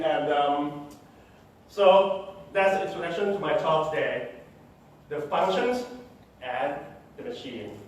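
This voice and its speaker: A middle-aged man from Thailand with a Thai accent gives a talk at a tech meetup, joking at his own expense and putting questions to the audience. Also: a little high. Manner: self-deprecating, joking, asks the audience questions. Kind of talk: conference talk. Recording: echoey room from far off.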